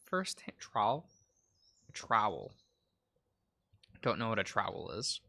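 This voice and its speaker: A man's voice: fairly low pitch, sing-song, takes it slowly, creaky, bright, forceful tone. A man hosting a let's play, giving casual game commentary with playful, self-mocking asides.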